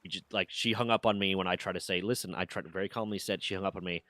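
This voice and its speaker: A man's voice: deep voice, steady tone, fast, sharp tone, dry recording. A man streaming, casually telling a personal story with candid swearing and mock voices for others.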